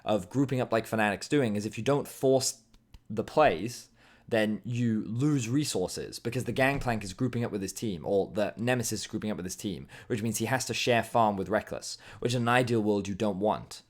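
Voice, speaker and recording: A man reviewing a video game match as an esports analyst, explaining plays in a casual way. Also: lowish voice. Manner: explanatory, casual, breaks into quick impressions.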